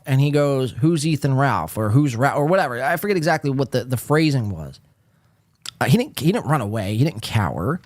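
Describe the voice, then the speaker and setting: A man's voice: a little high, no room sound, studio quality. A man hosting a podcast, giving sarcastic, profane commentary on clips in a rambling casual way. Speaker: podcast host reacting to clips.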